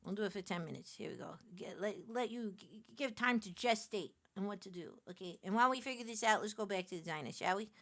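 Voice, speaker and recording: A woman with a New York accent, chatting casually with her stream viewers, animated and quick to laugh. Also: medium pitch, noisy background. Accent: New York City. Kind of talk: casual live-stream chat while picking a game.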